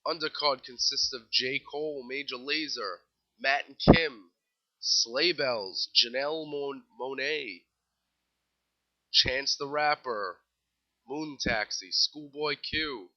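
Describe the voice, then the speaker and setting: A young man with a New York accent runs through festival lineups in a casual solo show, tossing in dry little jokes between band names. His voice sits at an ordinary middle pitch. The recording is a bit dull and lo-fi. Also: slow. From New York City. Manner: wry, offhand asides while rattling off lists. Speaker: music news show host.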